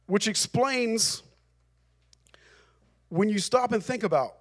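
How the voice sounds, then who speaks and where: A man's voice: sits high, lively intonation, takes it slowly, pauses often. A male pastor preaching a sermon, emphatic and repeating phrases for emphasis.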